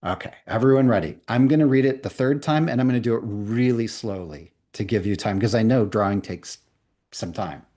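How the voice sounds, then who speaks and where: A man leading a live online coaching workshop, talking casually and playfully, then reading a definition slowly for note-taking. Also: lowish voice, dark tone. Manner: conversational, playful, reads slowly for dictation. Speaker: coaching trainer.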